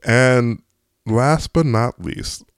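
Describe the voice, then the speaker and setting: A man giving a casual movie review, excitable and chatty, with frequent ums and restarts. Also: mid-range voice, drawn-out words, clear, resonant tone, dry recording, clean studio sound.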